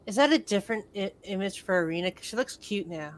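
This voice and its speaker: A woman's voice: mid-range voice, expressive, a little hiss or hum. Chatty young woman player. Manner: chatty, quick, trailing off with fillers. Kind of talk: casual tabletop game chat.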